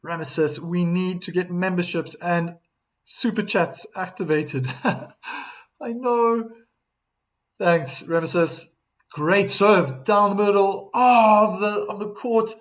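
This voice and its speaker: A man's voice: sits high, slow. A man doing live tennis commentary on a stream, chatting and reading out viewer comments between points.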